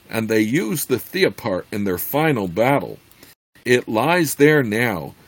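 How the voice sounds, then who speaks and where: A man voicing a scheming, proud human witch who speaks in a measured, formal way. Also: medium pitch, breathy edge, no room sound, voice pushed up. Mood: grudging.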